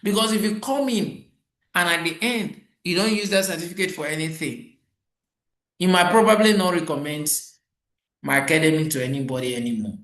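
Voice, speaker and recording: Middle-aged man, trainer lecturing on customer service, animated, somewhat high voice, reverberant room. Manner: animated storytelling, acts out quoted exchanges.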